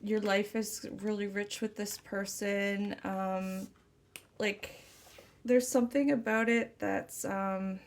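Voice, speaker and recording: A woman tarot reader speaking a channeled message slowly and tenderly, close to tears. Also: mid-range voice, little pitch movement. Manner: slow, tender, emotional. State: tearful.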